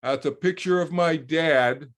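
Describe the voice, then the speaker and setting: A man's voice: a little high, a little slow. A man in his sixties telling a personal story as a guest on a video call, rambling with repeated words and restarts. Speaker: guest speaker.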